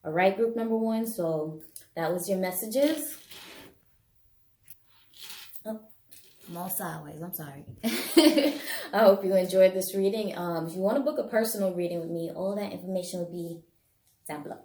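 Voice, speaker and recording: A woman's voice: fairly low pitch, moderate pace, long pauses. Chatty woman, echoey room. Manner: chatty and animated, laughs often, addresses viewers directly. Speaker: tarot and bone-throwing reader. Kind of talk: casual pick-a-card reading to camera.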